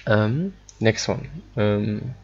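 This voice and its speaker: A man teaching a German lesson in English, halting and full of fillers as he explains pronunciation. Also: on the low side, vocal fry, slightly rough. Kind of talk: online language lesson. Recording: dull lo-fi recording.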